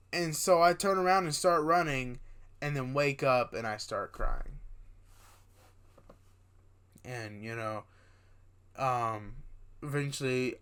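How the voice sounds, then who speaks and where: A young man casually telling a dream story to his viewers, tired and yawning at times, animated and rambling with restarts and asides. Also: mid-range voice. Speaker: vlogger.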